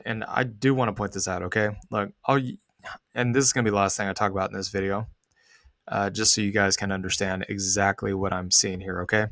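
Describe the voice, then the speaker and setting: A man with a lowish voice talks through charts in a relaxed, slangy way. He throws in the odd "dude" and sarcastic aside. The sound is close and dry, with no room around it. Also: fairly quick, no echo. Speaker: host. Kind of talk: casual market commentary over charts.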